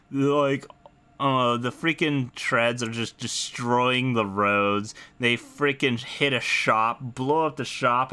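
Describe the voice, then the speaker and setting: Exasperated young man with a bright voice. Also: medium pitch, clear, resonant tone. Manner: exasperated, swears a lot, laughs in disbelief. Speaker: podcast host. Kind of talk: casual anime review rant.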